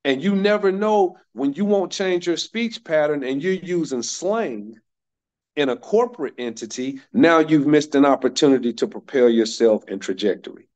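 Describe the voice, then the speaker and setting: A man's voice: fairly high pitch, animated, moderate pace, a little mellow. A man in his fifties from North Carolina, giving a motivational workshop talk, emphatic and repeating key phrases for stress. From North Carolina, United States. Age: 50s. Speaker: workshop speaker.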